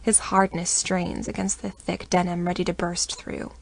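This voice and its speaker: A woman narrating a first-person romance audiobook in an intimate, expressive reading voice. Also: lowish voice, normal speed, gravelly.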